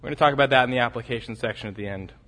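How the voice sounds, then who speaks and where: A man preaching an expository sermon. He repeats key phrases for emphasis and swings between loud, urgent peaks and quiet, low drops. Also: rapid-fire, in a large hall.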